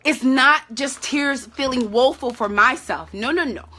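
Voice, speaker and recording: A woman's voice: high voice, measured pace, sharp tone. A woman speaking candidly and emotionally to other parents, tearful at times. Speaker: parent support vlogger. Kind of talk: heartfelt talk to camera.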